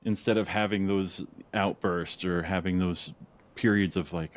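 Low-voiced male podcast host, chatty. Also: fairly even intonation, dry recording. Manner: chatty, acts out his own thoughts in quick asides, laughs often. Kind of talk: casual interview chat.

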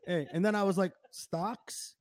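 A man hosting a casual chat, telling a story with lots of swearing and quick impressions of people he met. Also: high voice. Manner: profane, animated storytelling with impressions. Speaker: podcast host.

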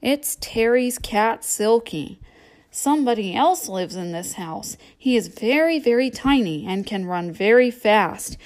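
A woman's voice: fairly high pitch, animated, a little slow, darkish tone. A woman reading a children's storybook aloud as a playful guessing game.

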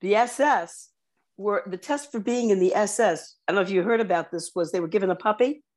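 A woman's voice: mid-range voice, fairly quick. A woman co-hosting a casual family podcast with her son, rambling and wandering off topic. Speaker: co-host, mother.

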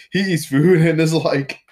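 A man's voice: fairly high pitch, steady tone, takes it slowly, a little mellow. A man, a podcast host chatting casually, teasing and laughing often. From Southern US, Louisiana. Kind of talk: casual chat.

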